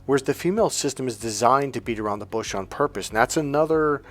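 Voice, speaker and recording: A man's voice: medium pitch, quick pace, a bit bright. A middle-aged man coaching on dating, telling a story in a blunt, emphatic, profane way. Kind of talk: casual storytelling advice monologue.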